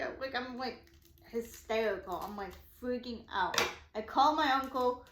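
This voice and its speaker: A woman chats through a story in a loose, rambling way, leaning on "like" and acting out what everyone said. Her voice sits a bit high. The room gives it a noticeable echo. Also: normal speed, a little hiss or hum. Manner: animated, rambling, heavy use of "like". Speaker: craft shop vlogger. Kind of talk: casual storytime chat.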